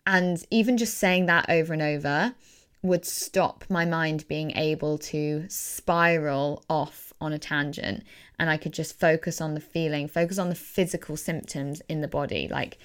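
A woman coach talks through her own podcast in a casual, earnest way. Her voice sits low and comes across smooth and clean, and she repeats words to stress a point. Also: measured pace. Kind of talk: casual solo podcast talk.

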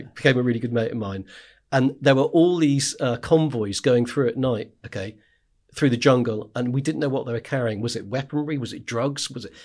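A man tells tales from the front line in an easy, chatty way. His voice sits at a middling pitch, and he keeps checking in with "right?" and laughs as he goes. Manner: animated storyteller, frequent "right?" asides, laughs while telling. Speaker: podcast guest, war correspondent. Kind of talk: casual storytelling chat.

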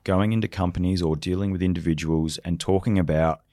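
A middle-aged Australian man with a low, deep voice tells vivid military anecdotes, slipping into the voices of the people he quotes. He sounds close and dry, with no room echo. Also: fairly even intonation, brisk, dark tone. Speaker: leadership consultant, special forces veteran. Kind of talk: storytelling podcast conversation.

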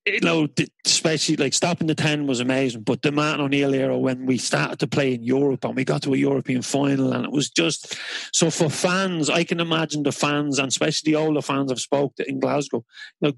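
A man's voice: mid-range voice, fairly even intonation, brisk, creaky, no room sound, rough recording. A man talking football with a guest in a casual interview, reflective and drawn out.

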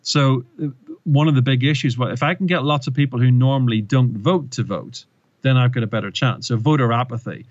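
Male guest expert, lively storyteller, dull dry lo-fi sound. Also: mid-range voice, brisk, no echo. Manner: animated storyteller, retells with rising emphasis. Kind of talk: explanatory interview talk.

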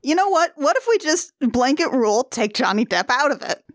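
A woman co-hosting a casual chat recapping a musical, animated and often acting out quoted lines with laughter. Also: high-pitched, a little fast, dry recording, clean studio sound. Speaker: podcast co-host.

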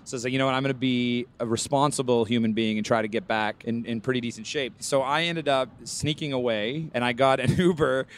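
A young man co-hosting a podcast, telling a relaxed story in a self-deprecating way, in casual chat. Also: mid-range voice, fairly quick, few pauses, a little hiss or hum. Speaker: podcast co-host.

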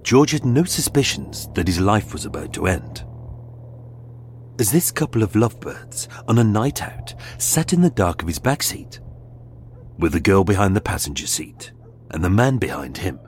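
Low-voiced man narrating true crime. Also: sing-song, slight background noise. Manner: measured, dramatic storytelling with suspenseful pauses. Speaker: podcast host and narrator. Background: faint background music.

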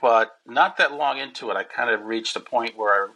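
Bright, husky-voiced comedian storyteller. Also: male voice, mid-range voice, normal speed, low-quality recording. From Connecticut, USA. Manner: animated, lively storyteller. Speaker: stand-up comedian, guest. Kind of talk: casual interview storytelling.

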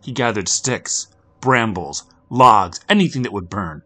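A man narrating a grim story for a podcast, swinging between loud urgency and hushed, near-whispered passages. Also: fairly low pitch, animated, a little slow.

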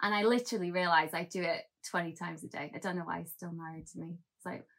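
A woman's voice: on the low side, steady tone, fast, fairly bright tone. A woman being interviewed in a casual chat, giggling often and poking fun at herself. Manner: giggly, self-deprecating. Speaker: interview guest.

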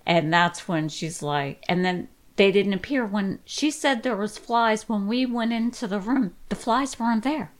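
A woman's voice: medium pitch, a little slow, hardly any pauses. A middle-aged woman, a podcast guest, casually and animatedly retelling spooky stories from her past. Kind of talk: casual storytelling.

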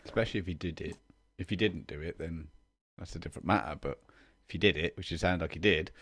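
A young man co-hosting a casual podcast, chatting easily with a friend and reading news stories aloud with deadpan pauses. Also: low-pitched, no room sound. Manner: easygoing, swears casually, reads with deadpan pauses. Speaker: podcast co-host.

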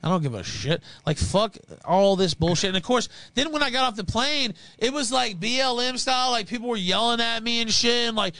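A man's voice: very high voice, expressive, a little fast, few pauses, pushed and bright, no echo, poor audio. A young man telling a blunt, profane story in casual podcast chat.

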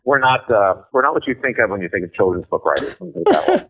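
A man's voice: medium pitch, very animated, very fast. A middle-aged man, a guest author in a casual interview, talking in a blunt, profane and emphatic way. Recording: tinny phone-like line.

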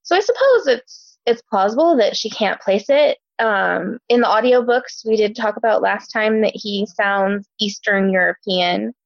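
A woman's voice: mid-range voice, expressive, measured pace, creaky, few pauses, no room sound. Young woman from Omaha, podcast co-host, casual, lots of ums, dry slightly dull sound. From Omaha, Nebraska. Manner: chatty, many ums and filler words. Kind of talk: casual book discussion chat.

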